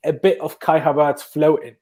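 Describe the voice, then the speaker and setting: Young host, mellow kinda raised voice, rambles and restarts, excited. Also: male voice, on the high side, normal speed, husky. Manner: enthusiastic, rambling, hesitant restarts. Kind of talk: casual fan chat on a live stream.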